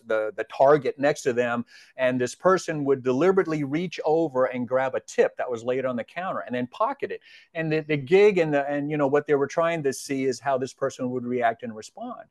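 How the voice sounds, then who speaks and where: A man's voice: medium pitch, no room sound, studio quality. A middle-aged man, a retired police officer as a podcast guest, telling stories in an earnest, reflective way. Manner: earnest, reflective, gently persuasive. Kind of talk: casual storytelling conversation.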